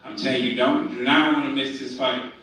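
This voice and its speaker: A male professional boxer speaking slowly and boastfully at a press conference. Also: medium pitch, little pitch movement, fairly bright tone. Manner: boastful, slow-spoken. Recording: echoey hall from far off.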